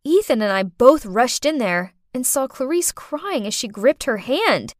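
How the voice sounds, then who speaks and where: Lively woman telling a dramatic story. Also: sits high, unhurried, no room sound, clean studio sound. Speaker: narrator. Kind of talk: first-person storytelling podcast.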